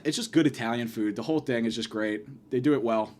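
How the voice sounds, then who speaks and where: A man delivering a profane comedic rant, abrasive and insulting, swinging from yelling to muttering. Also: mid-range voice, animated, quick pace, hardly any pauses, slight background noise. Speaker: comedic ranter.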